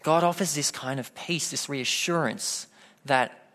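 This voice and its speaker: Casting: male pastor, slightly high voice, storytelling sermon delivery. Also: unhurried, a bit bright. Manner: storytelling, acts out quoted voices.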